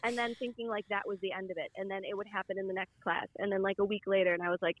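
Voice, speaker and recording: A woman telling a self-deprecating story at an unhurried pace in a casual chat. Her voice is recorded dry and close, with no room sound. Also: mid-range voice, steady tone, no room sound, narrow, tinny audio. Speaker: guest.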